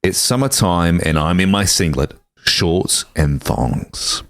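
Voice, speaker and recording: A slow, sing-song Australian drawl reciting a holiday carol, put on by a man. The voice sits low and deep, rising and falling widely as he stretches out each line. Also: animated, fairly bright tone, full character voice. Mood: playful.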